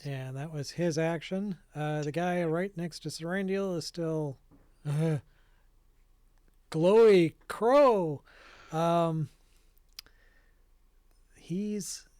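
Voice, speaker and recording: A man with a high voice runs a tabletop session, talking slowly and easily and pausing on fillers. His sound is dry and close, with no room around it. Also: smooth, no room sound. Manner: relaxed narration with frequent fillers and laughs. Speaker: game master. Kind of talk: running a tabletop game.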